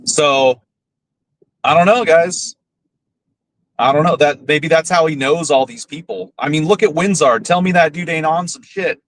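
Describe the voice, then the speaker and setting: A man's voice: a little high, measured pace, a bit bright, no room sound, rough recording. A man hosting a podcast, ranting bluntly and profanely with scorn. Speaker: podcast host. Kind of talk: casual ranting commentary.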